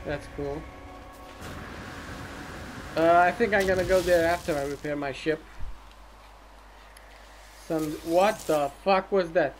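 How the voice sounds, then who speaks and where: Slow-talking, foul-mouthed gamer man. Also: a little high, a little hiss or hum. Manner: profane, muttering, talks to himself. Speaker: let's play commentator. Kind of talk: casual gameplay commentary.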